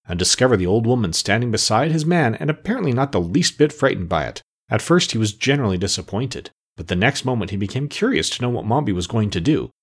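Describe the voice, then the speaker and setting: A man narrating a storybook aloud in an expressive storytelling manner. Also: medium pitch, slightly rough. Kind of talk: audiobook narration.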